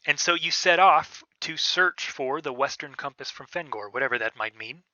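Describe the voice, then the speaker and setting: Game master, male, bright tense voice, dry dull lo-fi sound, halting casual narration. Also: on the high side, no room sound. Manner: casual, hesitant with many fillers. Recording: dull, lo-fi podcast audio.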